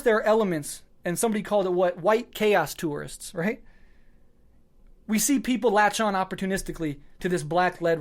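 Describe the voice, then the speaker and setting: On his podcast, a man with a high-sitting voice delivers an emphatic political tirade full of swearing, stacking quick short clauses one after another. He comes across as sleep-deprived and raw, his feelings only just held back.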